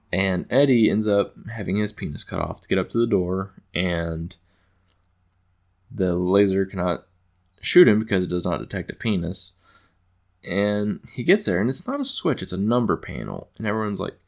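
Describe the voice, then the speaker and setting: A man's voice: low voice, expressive, moderate pace, vocal fry. A man casually recapping an episode in a rambling, amused way with lots of fillers. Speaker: show recapper.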